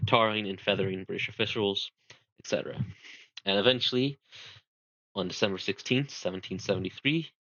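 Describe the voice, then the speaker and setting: Lowish male voice, casual history talk, rambling, fillers, dry muffled home recording. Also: fairly bright tone, dry recording. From United States. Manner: rambling, self-deprecating, many fillers. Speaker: amateur presenter.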